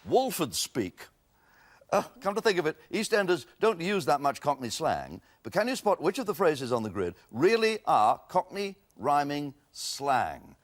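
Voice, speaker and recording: Reading out answers at a measured pace, this TV quiz show host has a slightly high voice and a lively, witty manner full of puns and quips. Background noise runs under the broadcast.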